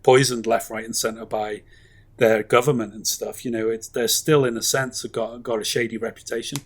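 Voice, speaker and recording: A man co-hosting a film review podcast chats casually, rambling enthusiastically with plenty of fillers and asides. His mid-range voice has a flat delivery and moves a little fast.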